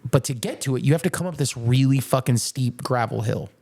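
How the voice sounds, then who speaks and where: A man's voice: medium pitch, fairly quick, vocal fry, a little mellow. Young male podcast host, profane and rambling, casual storyteller.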